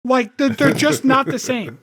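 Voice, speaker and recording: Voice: high voice, fairly bright tone. Co-host, foul-mouthed, ranty, casual. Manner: profane, ranting, quick to complain. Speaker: podcast co-host. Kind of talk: casual podcast chat.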